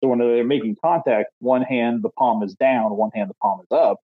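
A man's voice: medium pitch, steady tone, moderate pace, breathy edge, dry recording, narrow, tinny audio. A man co-hosting a casual podcast, a baseball coach telling jokey stories about his drills. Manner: joking storyteller. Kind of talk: casual chat.

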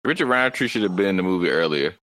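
A man making quick joking remarks in a casual movie reaction chat. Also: deep voice, expressive, fairly bright tone.

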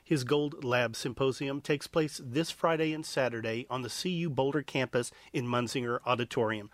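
A man's voice: medium pitch, moderate pace, dry recording. A man hosting a radio science show, reading the closing announcements.

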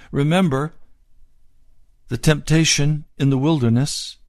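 A man with a medium-pitched voice preaches a sermon at a slow pace, explaining scripture phrase by phrase. His approach is expository, working through the text word by word, and the studio-quality recording has no room sound.

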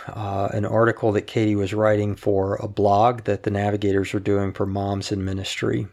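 A man with a somewhat low voice and a lot of gravelly fry reads written words aloud. His delivery is calm and measured, like a husband sharing his wife's letters. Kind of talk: reading written updates aloud.

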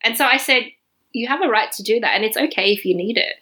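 A young woman casually telling a personal story on a podcast, acting out what people said with big jumps in her voice. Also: fast talker. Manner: animated, acts out quotes with big pitch jumps.

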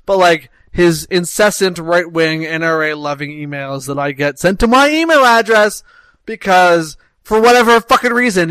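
A man from Canada with a high voice, co-hosting a podcast. He vents in exasperated, swearing rants. The sound is close and dry. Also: a bit bright, smooth, no echo. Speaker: podcast co-host. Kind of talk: casual podcast chat.

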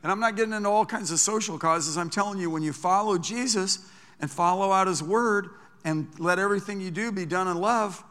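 A man preaching a sermon as pastor, talking in a conversational, animated way with frequent restarts. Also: high-pitched, brisk, long reverb tail.

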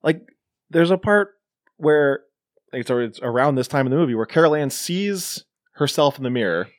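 Male podcast co-host, lively pitch, dry close sound, casual movie recap. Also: normal speed, dry recording. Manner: animated retelling, mimics characters in quoted bits. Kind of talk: casual movie review chat.

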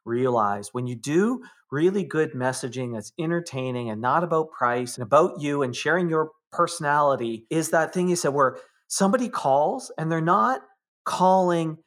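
A man's voice: on the high side, expressive, moderate pace, a bit bright. A man hosting a business podcast, a marketing consultant who explains points and encourages his guest in casual interview talk.

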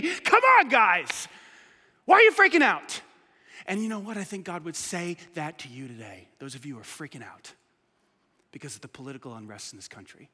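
A pastor delivers a casual, conversational sermon in a church, his voice very high and bright. He swings from loud urging to hushed asides. A long reverb trails every phrase. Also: sing-song, moderate pace, husky.

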